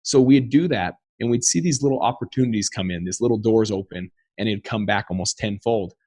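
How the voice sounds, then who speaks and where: A man in his thirties, a podcast guest, telling a personal story in an earnest, animated way and acting out the quotes. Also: lowish voice, fairly quick, slightly rough, dry recording.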